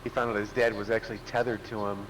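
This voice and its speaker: Low-voiced man over steady background noise. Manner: unhurried, recounting memories. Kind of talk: casual chat. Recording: noisy background.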